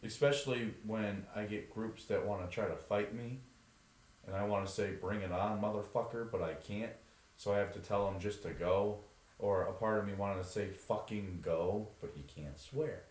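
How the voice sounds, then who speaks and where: A young man co-hosts a podcast, telling stories in an animated, casual way and slipping into the voices of the people he quotes. His voice sits fairly low. The room behind him is roomy and echoing. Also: moderate pace. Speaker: podcast co-host. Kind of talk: casual storytelling. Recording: roomy echo.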